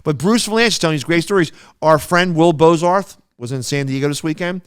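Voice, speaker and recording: Excitable man telling stories, crisp dry voice. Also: fairly high pitch, brisk, dry recording. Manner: animated storyteller, excitable, frequent restarts. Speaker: podcast co-host. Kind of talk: casual chat.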